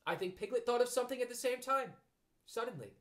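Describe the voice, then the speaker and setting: A man reading a storybook aloud and voicing a gentle, slow-witted male bear who muses wistfully to himself. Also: very high voice, animated, pitched above the performer's own voice. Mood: musing. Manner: wistful and musing.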